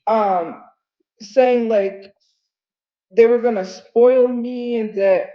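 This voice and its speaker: A woman's voice: medium pitch, takes it slowly, reverberant, dull audio. A woman livestreaming, venting in a casual, exasperated way with lots of fillers.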